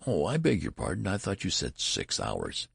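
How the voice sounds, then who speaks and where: A man's voice: deep voice, huge pitch swings, normal speed, creaky, fairly bright tone, husky, dry recording, studio quality, heavily acted. A man voicing a puzzled store clerk who is polite, curious and fussy.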